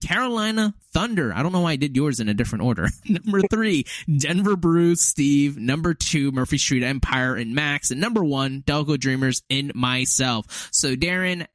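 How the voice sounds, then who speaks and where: A man's voice: mid-range voice, animated, normal speed, few pauses, a bit bright, no room sound. A man hosting a casual podcast chat, rambling with lots of fillers and frequent laughs. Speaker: podcast host and league commissioner.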